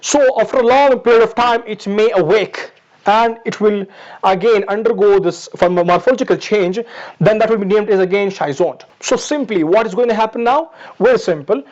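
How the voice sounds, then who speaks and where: A man's voice: high-pitched, moderate pace, a little mellow. A man giving a step-by-step pharmacology lecture, repeating key points and calling his students "my dears". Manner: repetitive, explains step by step, addresses students as "my dears". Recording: dull lo-fi recording.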